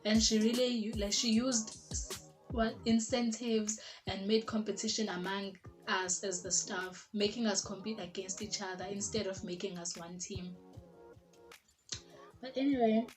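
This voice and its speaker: A woman's voice: medium pitch, steady tone, a little slow. A young woman from South Africa with a South African accent, telling a personal story in casual storytime style and slipping Zulu words into her English. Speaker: vlogger. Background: background music.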